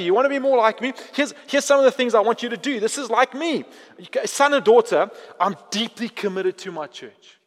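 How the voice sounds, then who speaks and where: A man with a high-pitched voice delivers an animated sermon, acting out prayers and conversations with God. His voice echoes with a long reverb, as in a large hall. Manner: animated preaching, acting out prayers, dropping to quiet intensity. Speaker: pastor.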